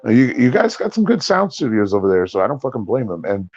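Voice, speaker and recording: A man's voice: lowish voice, big pitch swings, fast talker, darkish tone, breathy edge, no room sound. A middle-aged American man hosting a livestream, chatting in a loose, profane, rambling way. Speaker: livestream host. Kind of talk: casual chat. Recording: dull lo-fi stream audio.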